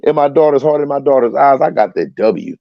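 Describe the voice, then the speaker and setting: A man's voice: mid-range voice, animated, a little fast, vocal fry. Heated man, muffled call audio. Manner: profane, repeats himself insistently. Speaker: panelist. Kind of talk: heated panel argument.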